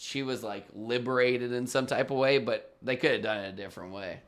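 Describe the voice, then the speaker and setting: A man's voice: mid-range voice, a little fast, a bit bright. A man co-hosting a casual podcast chat about a TV episode, laughing often and joking playfully. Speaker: podcast co-host.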